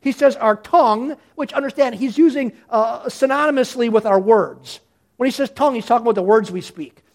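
Lively, high-voiced male pastor preaching. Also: a little fast. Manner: lively, conversational preaching with frequent restarts. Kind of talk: sermon.

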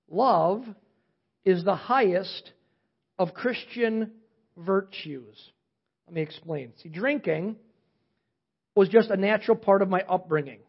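Husky preacher guy in his 50s, goes loud then quiet, kinda muffled lo-fi recording. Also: sits high. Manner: animated preaching, swings from loud emphasis to quiet asides. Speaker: pastor. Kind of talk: sermon.

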